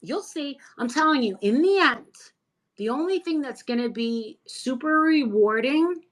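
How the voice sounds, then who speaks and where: A woman guest in a casual chat, talking in an animated, emphatic, gossipy way. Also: on the high side, poor audio. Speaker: interview guest.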